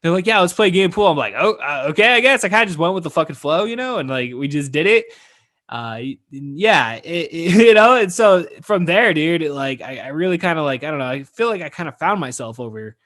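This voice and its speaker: A man's voice: a little high, lively intonation, a little fast, fairly bright tone. A man hosting his own podcast in a loose, casual chat, swearing freely and saying "dude" and "like" a lot. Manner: laid-back, swears freely, lots of "dude" and "like". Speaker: podcast host.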